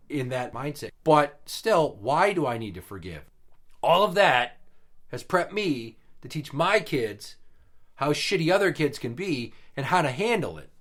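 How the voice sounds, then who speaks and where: A man's voice: on the high side, a bit bright. A man in his thirties co-hosting a podcast, telling stories in a blunt, profane, casual way. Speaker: podcast co-host.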